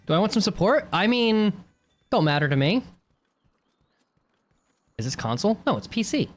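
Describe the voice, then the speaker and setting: A woman streamer talks through her game in a lively voice that jumps all over the place, dropping to grumbles and then shrieking at the monsters. She swears freely. Faint music plays behind her. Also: mid-range voice, normal speed. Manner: swears a lot, yells at monsters; animated, swings from mutters to shrieks. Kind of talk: live gameplay commentary.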